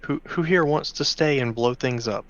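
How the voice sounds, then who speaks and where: A man's voice: medium pitch, normal speed, fairly bright tone, muffled recording. A man playing a tabletop game, talking casually and hesitantly, in and out of character. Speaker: player.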